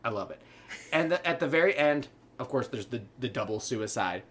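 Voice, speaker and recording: A man's voice: medium pitch, lively intonation, a bit bright. A man with a mid-range voice talks through a film with eager enthusiasm. He piles on fillers and slips into little impressions of the characters as he goes. It sounds like casual podcast banter between co-hosts. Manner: enthusiastic, fast, many fillers, acts out lines. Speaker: podcast co-host.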